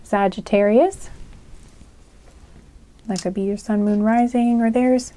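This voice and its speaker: A woman's voice: on the high side, fairly even intonation, slow pace, warm tone. A woman giving a casual, rambling tarot reading, chatty and full of fillers as she reads out signs. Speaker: tarot reader.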